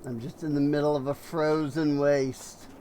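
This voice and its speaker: A man streaming a game, rambling slowly with lots of fillers and yawning as he plays. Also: fairly high pitch, level tone, mellow, a little hiss or hum. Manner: rambling, unhurried, many fillers and trailing thoughts. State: yawning, tired. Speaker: gaming streamer. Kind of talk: casual let's-play commentary.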